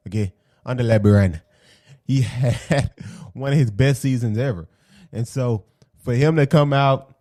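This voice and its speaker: A man giving a casual, animated basketball opinion rant for his video channel. He repeats his points, drops slang and keeps asking "okay?". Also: medium pitch, no echo, studio quality. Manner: slangy and conversational. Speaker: sports commentary vlogger.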